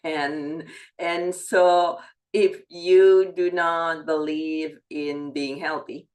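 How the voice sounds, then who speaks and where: A woman guest speaks slowly and deliberately about relationships, in a low voice. She pauses and repeats words as she works through her thoughts. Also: little pitch movement, a little mellow. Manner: measured, thoughtful, repeats words while thinking. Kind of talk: casual advice chat.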